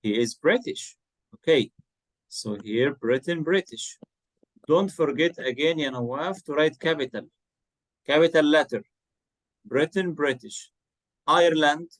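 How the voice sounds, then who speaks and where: Male tutor, slow patient delivery, slightly high pitch, spells words aloud, dry close mic. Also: animated, dry recording, rough recording. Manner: patient, repeats words and spells them out letter by letter. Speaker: English tutor. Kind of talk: online one-to-one English lesson.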